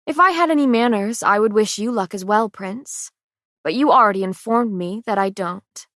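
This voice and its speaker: A woman reading the lines of a defiant, sharp-tongued young heroine, raised and incredulous. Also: mid-range voice, normal speed, no room sound, clean studio sound, natural voice. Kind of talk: audiobook character reading.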